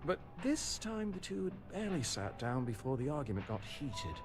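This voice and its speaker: A man's voice: mid-range voice, sing-song, normal speed, music in the background. An actor playing a polite, formal male restaurant staffer in a video game, speaking with courteous, precise wording. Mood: recounting.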